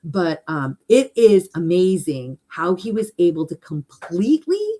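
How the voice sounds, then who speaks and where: A middle-aged woman talking casually about spirituality, her pitch sitting a little low but swinging widely as she goes. She is animated and lively. She slips into higher, mocking tones when she mimics people's restless chatter. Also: measured pace. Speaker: spiritual podcast host.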